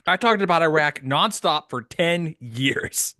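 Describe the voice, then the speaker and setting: A man hosting a casual podcast chat, excitable, laughing often and quoting lines. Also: on the high side, measured pace, dry recording, clean studio sound. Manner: excitable, laughs often, quotes the film in character. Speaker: podcast host.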